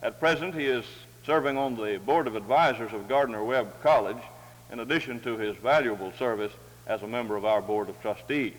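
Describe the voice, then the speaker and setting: A man reading scripture aloud and introducing a speaker, with a measured, formal, dignified delivery. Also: medium pitch. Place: large hall or chapel. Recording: long hall reverb.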